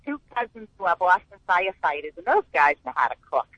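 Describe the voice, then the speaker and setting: A woman's voice: fairly low pitch, very animated, fast talker, fairly bright tone, muffled recording. A woman calling in to a radio talk show, chatting in an upbeat way about a fan tailgate she organizes. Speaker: caller, fan club organizer. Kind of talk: casual phone-in chat.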